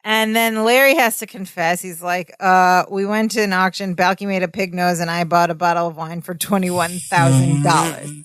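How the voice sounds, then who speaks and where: A woman's voice: lowish voice, normal speed, hardly any pauses, no echo, clean studio sound. A woman co-hosting a podcast, recapping a sitcom episode in casual chat and acting out the characters' lines as she goes. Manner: animated retelling, acting out lines. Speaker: podcast co-host.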